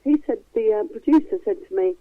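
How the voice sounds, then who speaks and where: A middle-aged woman with a softened East London accent talks in a frank, chatty way, laughing easily. She comes through a tinny phone-like line. The sound is dry, with no room around it. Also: a little high, animated, fast talker, no room sound. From East London, England. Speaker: guest. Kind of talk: casual chat.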